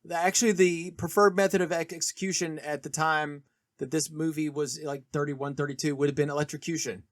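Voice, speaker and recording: A man's voice: fairly high pitch, a little fast, no echo, studio quality. A man co-hosting a podcast, casually discussing a film and eagerly sharing trivia. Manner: chatty, trivia-heavy, animated retelling. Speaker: podcast co-host.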